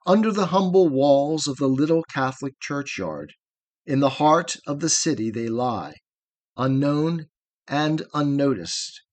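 A man reading a long narrative poem aloud in a solemn, measured way with dramatic pauses. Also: medium pitch. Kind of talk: slow measured poetry reading.

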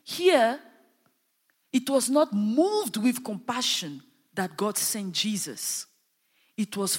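A woman delivers a sermon at a measured, unhurried pace. Her voice carries a long reverb, as if she is filling a large hall. She swells on key lines and calls out to her listeners for a response. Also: mid-range voice, very animated. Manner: impassioned, rising and falling emphasis with call-and-response. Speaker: preacher.

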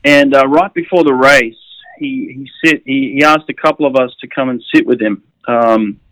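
A man's voice: medium pitch, moderate pace, fairly bright tone, dry recording, poor audio. A middle-aged Australian man, a swimming coach, telling stories casually with many fillers and chuckles. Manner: rambling, with frequent fillers and chuckles. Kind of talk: casual storytelling.

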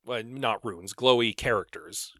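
Bright-voiced man musing on a podcast. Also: medium pitch, measured pace, no echo, clean studio sound. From Canada. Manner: musing, thinks aloud with fillers. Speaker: podcast co-host. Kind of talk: casual book club chat.

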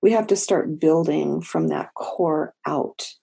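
A woman therapist speaking in a podcast interview, slow and deliberate with gentle emphasis. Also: sits low, creaky, slightly rough. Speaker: therapist and guest.

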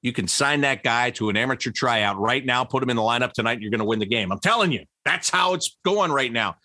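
A middle-aged man, a former broadcaster, telling stories in a casual interview, with many restarts and pitch that jumps up when he gets excited. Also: fast talker, no echo, studio quality.

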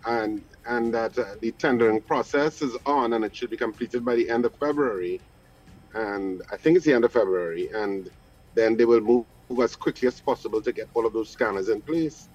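A man hosting a radio talk show, filling in news details in a measured way. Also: medium pitch, a little mellow, husky, highs cut off. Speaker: radio host.

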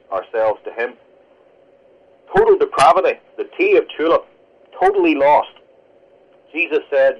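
A man from Northern Ireland, a pastor, speaking as a radio interview guest in a fast, earnest teaching manner. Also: medium pitch. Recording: lo-fi radio broadcast.

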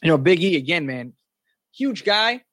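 A man's voice: fairly high pitch, big pitch swings, moderate pace, fairly bright tone, dry recording. A man co-hosting a wrestling podcast who talks in a laid-back way, often ending lines with "man". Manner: laid-back, says "man" a lot, laughs easily. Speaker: podcast co-host. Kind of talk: casual wrestling chat.

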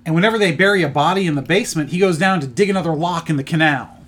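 A man's voice: fairly high pitch, racing, fairly bright tone. A middle-aged man on a podcast, rambling through a plot retelling with lots of fillers in a casual chat. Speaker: podcast co-host presenting his picks.

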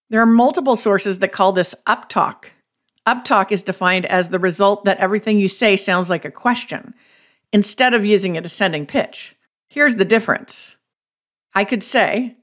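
A woman's voice: mid-range voice, a bit bright. A woman hosting a podcast, giving a scripted, instructive narration. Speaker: podcast host.

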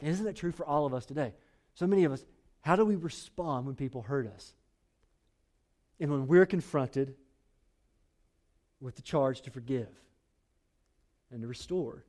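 A man's voice: on the high side, darkish tone. A male pastor preaching a sermon in an emphatic, conversational way, often cutting in with "listen".

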